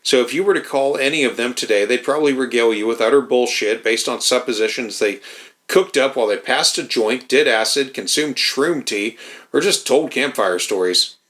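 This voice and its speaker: Mocking man with a bright voice. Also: mid-range voice, normal speed. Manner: dry, mocking, profane. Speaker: podcast host. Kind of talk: sardonic commentary.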